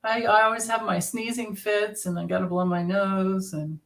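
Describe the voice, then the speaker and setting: A woman's voice: medium pitch, level tone, moderate pace, creaky, fairly bright tone. A middle-aged woman hosting a casual tarot livestream, chatting and greeting viewers by name with frequent laughter.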